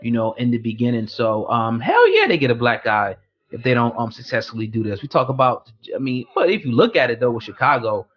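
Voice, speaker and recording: A man hosting an online news chat, speaking in a measured way with many fillers. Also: mid-range voice, big pitch swings, highs cut off. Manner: hesitant, lots of fillers, measured. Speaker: host. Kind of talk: casual news commentary.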